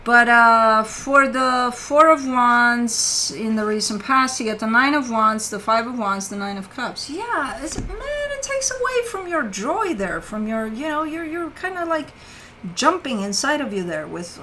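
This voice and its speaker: Casual tarot host, woman, bright and slightly high voice, swears freely, faint background noise. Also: animated, unhurried, low-quality recording. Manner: swears casually, talks to her pet between cards. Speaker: tarot reader.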